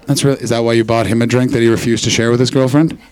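A man's voice: mid-range voice, level tone, rapid-fire, a little mellow. A man from Canada doing profane, teasing crowd work as a stand-up comedian on a club stage. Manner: crude, teasing, profane banter.

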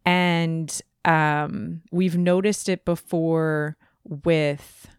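A woman's voice: sits low, steady tone, extremely slow, clear, resonant tone, no room sound, clean studio sound. A woman co-hosting a podcast in casual chat, talking with frequent restarts and laughs. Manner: chatty, laughing, many restarts. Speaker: podcast co-host.

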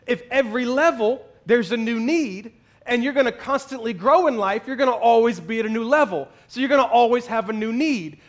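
A male pastor preaching a sermon, telling a story and building up to emphatic exclamations. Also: extremely high pitch.

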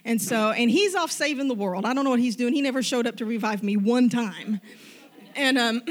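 Lively middle-aged woman telling a story. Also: a little high, normal speed. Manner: animated, self-deprecating, acts out quoted dialogue. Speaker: youth sponsor telling a personal faith story. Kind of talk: personal testimony storytelling.

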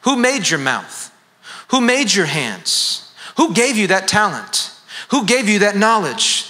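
A man's voice: high-pitched, very animated, slow pace, bright, forceful tone, big-room sound. A man preaching a sermon as pastor, earnest and often repeating words as he presses a point.

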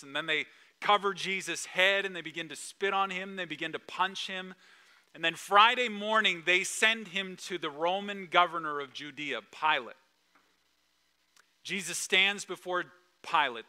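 Bright-voiced male preacher telling a story. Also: on the high side, clean tone. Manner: storytelling, acts out quoted lines, drops to a hush at solemn moments. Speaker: pastor. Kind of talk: sermon.

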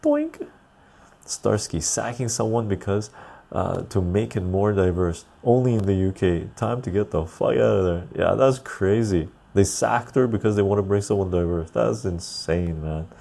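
Tired, gravelly low-voiced man chatting. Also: very animated, normal speed, dark tone. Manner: loose and rambling, laughs easily, reads chat aloud. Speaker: livestream host reading chat. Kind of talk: casual livestream chat.

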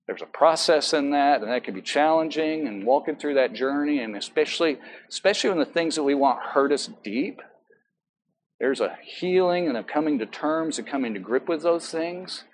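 A man's voice: medium pitch, a little hiss or hum, poor audio. A man preaching as pastor in a church, talking in a conversational way with many asides and self-corrections. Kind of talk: sermon. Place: church sanctuary.

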